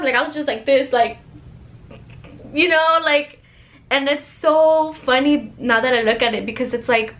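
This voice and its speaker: Chatty young woman telling a story. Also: high voice. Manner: chatty, animated, fills with "like". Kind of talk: casual storytelling to camera.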